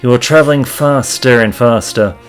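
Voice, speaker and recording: A man hosting a let's play, reading out the game's text in an even, middle voice. He drags out the narration and muses to himself between choices. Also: mid-range voice, soft background music. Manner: slow, drawn-out narration of game text. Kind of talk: reading game text aloud.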